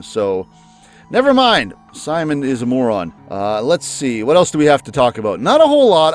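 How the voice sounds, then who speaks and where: A male let's play host talks casually, musing over the story and wondering aloud what comes next. His voice sits in a middle range and often leaps up when he gets excited. Faint music plays under him. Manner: chatty, musing, with lively jumps in pitch. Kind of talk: casual commentary before a game.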